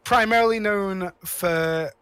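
Man, podcast co-host, slightly high voice, dry close sound, rambling with restarts, swears a lot. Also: takes it slowly, fairly bright tone, clean tone, no room sound. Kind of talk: casual chat.

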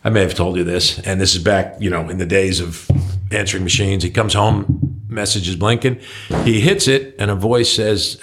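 A man's voice: deep voice, normal speed, a bit bright. A man co-hosting a podcast, chatting casually and telling stories, acting out quotes with a raised voice. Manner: storytelling, acts out quotes with raised voice. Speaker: podcast co-host. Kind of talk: casual chat.

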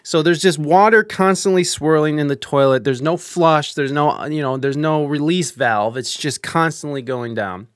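A young man live streaming, telling a story in a casual, animated way with lots of swearing, fillers and restarts. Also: on the high side, moderate pace, hardly any pauses, no echo, studio quality.

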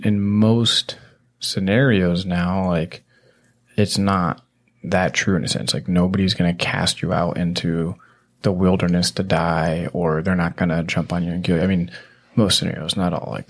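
A very low-pitched man hosts a podcast in loose, rambling talk. He explains things at length and teases his guests, leaning on filler words as he goes. His voice sits well down in the bass. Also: flat delivery, moderate pace. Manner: rambling, teasing, heavy "you know" fillers. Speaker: podcast host. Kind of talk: casual conversational explaining.

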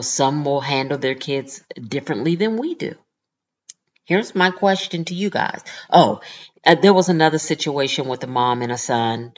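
A woman hosting a podcast, telling a story in an animated, indignant way and acting out the people in it. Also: a bass voice, lo-fi sound. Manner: animated, indignant storytelling with lively quoted voices. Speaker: podcast host. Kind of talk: casual storytelling monologue.

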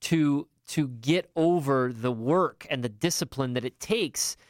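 A man from upstate New York hosting a podcast, talking in an upbeat, enthusiastic way with quick asides. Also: mid-range voice. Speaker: podcast host. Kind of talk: casual podcast chat.

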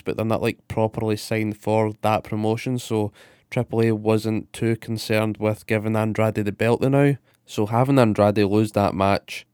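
A man's voice: on the low side, darkish tone, clean tone, no echo, clean studio sound. A man, co-hosting a casual podcast and rambling with sweary enthusiasm. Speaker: podcast co-host. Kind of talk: casual wrestling podcast chat.

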